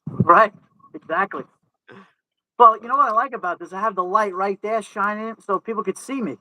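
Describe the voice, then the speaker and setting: A man's voice: sits high, normal speed, bright, forceful tone, poor audio. A man with a Brooklyn accent hosting a casual live chat outdoors on a windy night, talking in a chatty, joking way. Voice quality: thick New York speech, chatty and jokey. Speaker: livestream host. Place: outdoors at night under an umbrella in wind.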